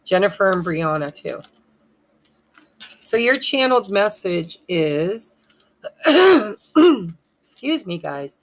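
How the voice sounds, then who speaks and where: Gravelly low-voiced tarot reader woman. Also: lively intonation, poor audio. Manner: halting, spells out names, loses her place. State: hoarse, clearing her throat. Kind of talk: pick-a-pile tarot reading.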